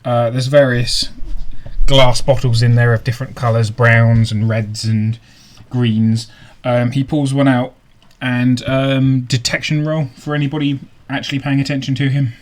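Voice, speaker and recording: Male GM, mid-pitched, slow halting narration. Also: little pitch movement. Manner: halting, full of ums and restarts. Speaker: game master. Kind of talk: narrating a tabletop game online.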